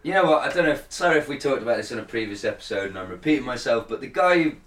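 A man's voice: mid-range voice, lively intonation, racing, fairly bright tone. Blunt, sweary British-born podcast co-host man. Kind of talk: casual banter. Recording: roomy, distant from mic.

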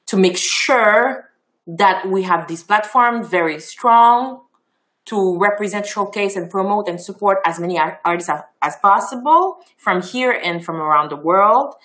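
A woman from Haiti with a Haitian accent, a native Creole speaker, answering interview questions in an animated, expressive way with many ums and restarts. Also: mid-range voice. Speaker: festival founder, interview guest.

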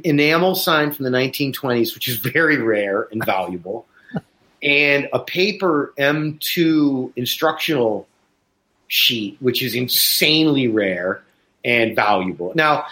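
A man's voice: mid-range voice, a little slow. A man in casual conversation as a host, telling anecdotes and acting out the other people's voices. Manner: animated storyteller, acts out voices in anecdotes. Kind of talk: casual chat. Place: Chicago, USA.

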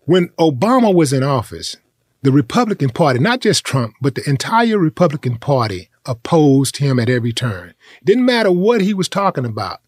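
A man with a notably high speaking voice rants in a blunt, profane, heated manner, hammering his points by repeating them. The sound is dry and close, with no room around it. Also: sing-song, moderate pace, no room sound. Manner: blunt, profane, emphatic ranting with repetition. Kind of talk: heated casual chat.

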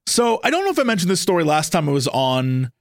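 Animated high-voiced man telling a story. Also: fast, no echo. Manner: animated, acts out quotes with raised voice. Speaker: guest on a podcast. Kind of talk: casual storytelling chat.

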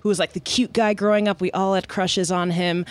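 A young woman co-hosting a podcast, telling a story in a casual, animated way, laughing often and acting out the people she quotes. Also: on the low side, fairly quick. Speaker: podcast co-host.

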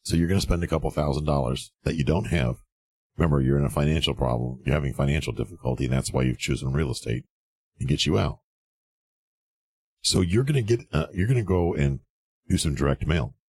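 Sarcastic, mocking male commentator with a husky, very low voice; blunt advice monologue. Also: a little fast, darkish tone, no room sound. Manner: sarcastic, mocking, acts out quoted people. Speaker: real estate commentator.

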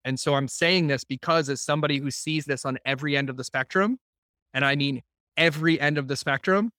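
Man, fairly high voice, animated storyteller, blunt, casual swearing, dry close sound, video call. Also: no room sound. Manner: animated storytelling with acted-out quotes. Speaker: podcast host speaking to entrepreneurs. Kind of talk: casual talk to a group on a call.

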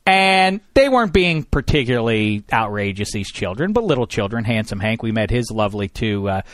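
A man in his thirties hosting a radio talk show, telling a story in a lively, sarcastic way. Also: on the low side, a little fast, no echo, studio quality. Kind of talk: casual storytelling chat.

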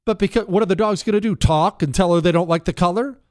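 A man's voice: sits high, fast talker, a little mellow. A man hosting a talk show, telling a long story in an emphatic way and talking straight to his listeners. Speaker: radio show host.

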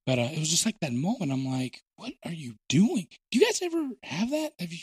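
A man hosting a podcast, telling stories in a joking, animated way. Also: fairly high pitch, fast, slightly rough, dry recording. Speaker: podcast host. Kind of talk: casual chat.

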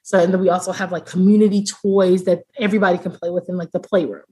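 A woman with a fairly low, dark and husky voice speaks quickly in a level tone. She's a foster mother appearing as a guest on a casual podcast interview, sharing her experiences earnestly and heartfeltly while often restarting her sentences.

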